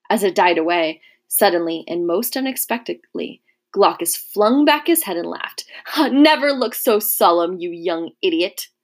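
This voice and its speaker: A woman narrating a historical novel in a measured, even storytelling manner. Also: lowish voice.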